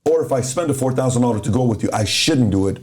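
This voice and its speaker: Middle-aged guy from iran, mellow tone, hosting a chat and spinning a story, acting out the quotes. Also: mid-range voice, expressive, fast. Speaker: host. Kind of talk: casual chat.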